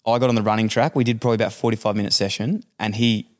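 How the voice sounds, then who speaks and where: A man rattles through a funny anecdote, fast and in a somewhat low voice. He rambles, restarts and laughs at his own story as a podcast co-host. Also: fairly even intonation. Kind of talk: casual chat, storytelling.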